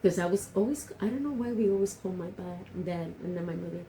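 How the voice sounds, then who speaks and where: A woman's voice: lowish voice, quick pace, dark tone, a little hiss or hum. A woman telling a childhood story in casual chat, switching between English and Spanish. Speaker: podcast co-host.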